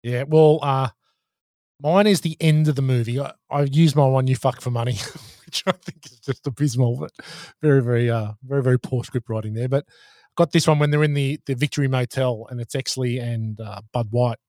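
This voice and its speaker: A man's voice: medium pitch, moderate pace, dark tone, no room sound, clean studio sound. A man co-hosting a podcast, chatty and telling stories in casual talk. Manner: chatty storyteller. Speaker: podcast co-host. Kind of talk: casual chat.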